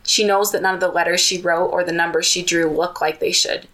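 A woman's voice: fairly low pitch, fairly even intonation, brisk, sharp tone, low-quality recording. A woman podcast host retelling a children's book in casual storytelling, adding personal asides.

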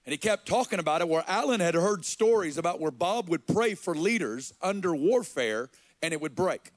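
A man from Arkansas, preaching and telling a personal story in an earnest, halting way. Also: sits high, expressive, dry recording. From Arkansas, USA. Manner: earnest, slow and halting, with quoted dialogue. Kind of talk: sermon storytelling.

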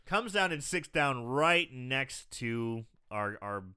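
Bright-voiced man recapping a movie. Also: mid-range voice, takes it slowly, clean tone. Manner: animated storytelling, acting out scenes with laughs. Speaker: podcast co-host. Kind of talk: casual movie recap chat.

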